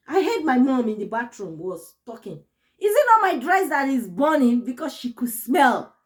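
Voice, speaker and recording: A woman vlogger shares a personal story straight to camera. Her voice sits high, and she speaks in an earnest, expressive, emotional way.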